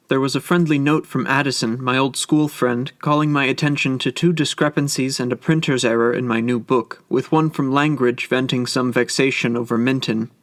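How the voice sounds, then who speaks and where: A man narrating a classic story as an audiobook in a measured, reflective way. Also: medium pitch, fairly bright tone, no room sound, clean studio sound.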